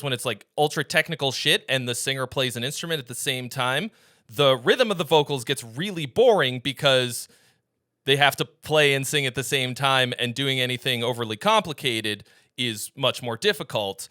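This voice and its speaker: A man's voice: medium pitch, pushed and bright, no room sound, studio quality. A man hosting a casual song review, blunt, sarcastic and profane. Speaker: music reviewer and host.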